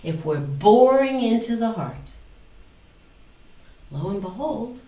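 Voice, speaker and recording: A woman spiritual teacher leading a class, animated, repeating phrases in mock voices and asking the students questions. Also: fairly high pitch, takes it slowly. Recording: echoey room, mic far off.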